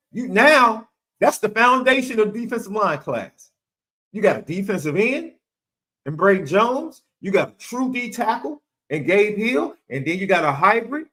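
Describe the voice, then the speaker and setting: A man's voice: sits high, very animated, a little slow, a bit bright. A man co-hosting a sports podcast, talking emphatically and repeating phrases for effect. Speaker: podcast co-host. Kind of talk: animated sports talk.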